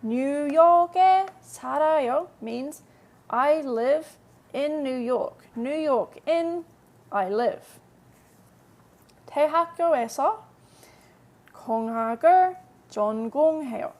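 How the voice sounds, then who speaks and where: A chatty woman teaches a Korean lesson in a live stream, walking through each point step by step. Her voice sits a little high and carries a gravelly fry. She slows right down whenever she models an English translation. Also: lively intonation, a little mellow.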